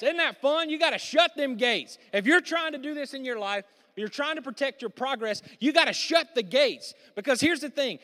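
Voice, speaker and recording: High-voiced pastor preaching in a reverberant church. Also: male voice. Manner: energetic, jokey preaching with audience prompts. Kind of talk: sermon. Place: church sanctuary. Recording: church hall with long reverb.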